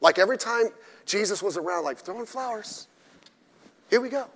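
Animated high-voiced preaching man. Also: normal speed. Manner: emphatic, blunt, with mocking asides. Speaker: pastor. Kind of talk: sermon. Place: church during a midweek service. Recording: echoey church hall.

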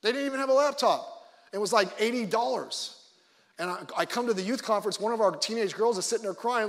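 A male pastor preaching a conversational sermon with joking asides, swinging between loud emphasis and quiet low remarks. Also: fast talker, in a large hall.

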